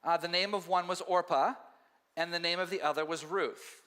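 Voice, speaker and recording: Animated high-voiced male pastor. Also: moderate pace. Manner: conversational, animated, acts out quotes. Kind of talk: sermon. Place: church sanctuary. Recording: long hall reverb.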